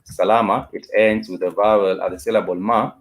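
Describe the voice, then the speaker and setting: A man teaching a spoken language lesson, saying each word and phrase several times over with drawn-out fillers. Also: fairly low pitch, steady tone. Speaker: Swahili teacher.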